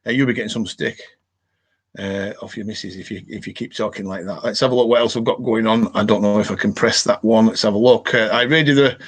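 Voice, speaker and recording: A man's voice: lowish voice, steady tone, fast, slightly rough. A man with a northern English accent hosting a casual live stream, reading out viewer comments and chatting in a rambling way with lots of fillers. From northern England.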